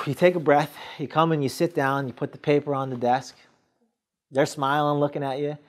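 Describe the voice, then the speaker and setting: A man's voice: on the high side, level tone, moderate pace. Emphatic male sales coach. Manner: acts out sales scenes with quoted dialogue; emphatic, coaching directly to the listener. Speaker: sales trainer. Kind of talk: motivational sales training talk.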